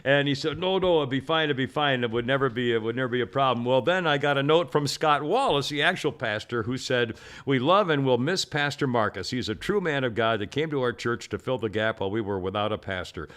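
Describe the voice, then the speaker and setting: A man's voice: medium pitch, a little fast, few pauses, fairly bright tone. A middle-aged man hosting a podcast, telling stories in a rambling, self-interrupting way and laughing often. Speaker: podcast host. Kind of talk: casual rambling chat.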